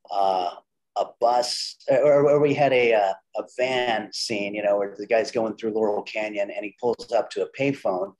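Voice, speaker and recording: A man's voice: mid-range voice, poor audio. A middle-aged man, a comedian and filmmaker, telling stories in a casual interview and acting out the dialogue of the people in them. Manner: animated anecdotes with quoted dialogue and frequent restarts. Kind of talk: casual conversational storytelling.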